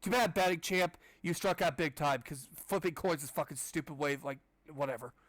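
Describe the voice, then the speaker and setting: A man's voice: a little high, normal speed, fairly bright tone, no room sound. A man reading a children's book aloud casually, breaking off for sarcastic, swearing asides. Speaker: audiobook club reader. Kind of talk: casual read-aloud with commentary.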